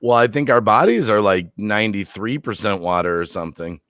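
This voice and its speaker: Lively upbeat man hosting a live stream. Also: on the low side, fairly quick, smooth, no echo, clean studio sound. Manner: upbeat, repeats catchphrases, reads viewer comments aloud. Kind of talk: casual live stream chat.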